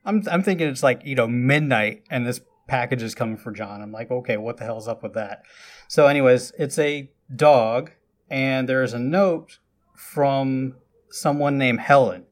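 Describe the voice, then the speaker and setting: A man casually retelling a film's plot for a podcast, chatty and loose, with frequent asides and lively bursts. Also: mid-range voice, normal speed. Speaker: podcast host recapping a film. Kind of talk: casual film recap.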